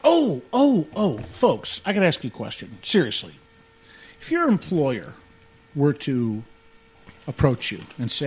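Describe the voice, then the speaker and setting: Slightly high and husky with a darkish tone, this male radio co-host talks a little slowly, his pitch swinging hugely. His casual chat is rambling and jokey, peppered with "man."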